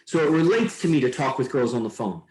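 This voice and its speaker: A male podcast host chats casually in a loose, meandering way, swearing occasionally. His mid-range voice has a darkish tone and lively intonation, and he speaks fast. The recording has a roomy echo.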